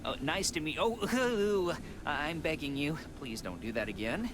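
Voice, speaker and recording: A nervous, plump office administrator in a video game. His polite words come out fumbling and his pitch bounces around. A clear noise bed runs behind him. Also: lively intonation, measured pace.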